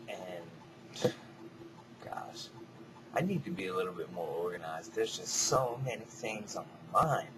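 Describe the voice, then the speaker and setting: Man, slow rambling self-talk vlog, casual cursing, audible background noise. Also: lowish voice, animated. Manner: slow, reflective, drifting between soft mutters and loud bursts; casual, swears freely. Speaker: vlogger. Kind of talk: rambling personal monologue.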